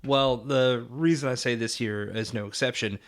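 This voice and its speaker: A man's voice: medium pitch, moderate pace. A man co-hosting a film-history podcast in a casual, thoughtful way, with fillers now and then. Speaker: podcast co-host.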